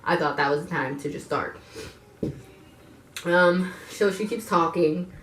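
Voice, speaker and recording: A woman's voice: on the low side, unhurried, fairly bright tone, slight background noise. A woman in her twenties telling a personal story to her viewers, blunt and frank, swearing freely and turning to the audience with asides. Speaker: vlogger. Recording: echoey room.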